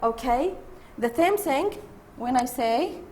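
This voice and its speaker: Slow-talking woman teacher. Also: high-pitched, lively intonation, darkish tone, slight background noise. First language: Arabic. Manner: slow, repeats key words, switches into Arabic to explain. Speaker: English teacher. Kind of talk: online grammar lesson.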